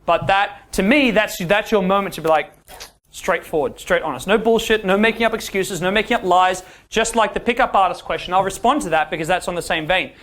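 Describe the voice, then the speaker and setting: Speaking briskly in a high voice, a male dating coach addresses a seminar class of men. He acts out lines of dialogue with lots of energy and repeatedly checks in with "yeah?"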